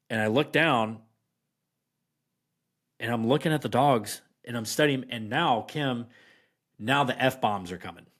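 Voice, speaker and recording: Man telling a story, rambling and emphatic. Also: medium pitch. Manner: rambling, many fillers and restarts, slow emphatic stresses. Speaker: podcast guest. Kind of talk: casual storytelling.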